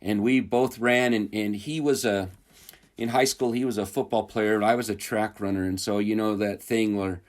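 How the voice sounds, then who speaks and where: Casting: man with a lowish voice, relaxed anecdote teller, chuckles, loose and rambling. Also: normal speed. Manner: rambling and chuckling, with many fillers and restarts. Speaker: returned missionary telling stories. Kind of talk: casual storytelling interview.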